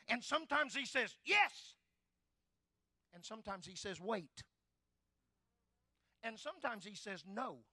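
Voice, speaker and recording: Older guy preaching, high bright voice, gets loud and fired up, dry sound. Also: no echo. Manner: fervent, swells loud on key phrases. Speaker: pastor. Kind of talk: sermon.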